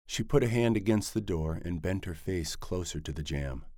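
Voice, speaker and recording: A man reading a novel aloud as narrator in a measured, even storytelling manner. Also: low voice, dry recording, clean studio sound. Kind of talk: scripted audiobook narration.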